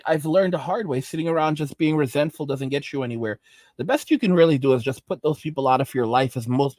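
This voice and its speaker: This commentary channel host has a fairly high, slightly mellow voice, and he rants in an exasperated, lecturing way, restarting and repeating himself. The recording is dry and close, with no room sound at all.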